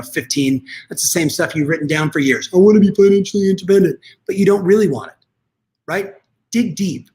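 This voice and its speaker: Upbeat guy doing a motivational coaching talk, bit higher voice, chatty and direct. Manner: energetic, conversational, addresses audience directly. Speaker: real estate coach.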